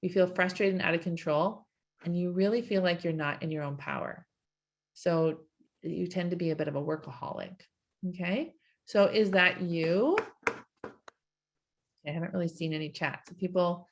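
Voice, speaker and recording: Low-voiced woman coaching an audience. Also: a bit bright. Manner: encouraging, asks the audience many questions. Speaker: life coach. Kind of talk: live-streamed coaching talk.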